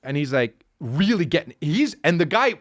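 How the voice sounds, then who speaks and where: A man with a high, very lively voice tells a comic story as a podcast host. He swears freely, his pitch swinging up and down as he acts out everyone in the tale. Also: moderate pace.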